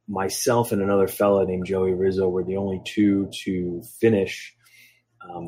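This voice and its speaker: A Philadelphia man in his thirties, guesting on a podcast, tells rambling stories packed with ums and acts out quotes as he goes. His voice sits low with a darkish tone, and there's slight background noise in this casual storytelling interview.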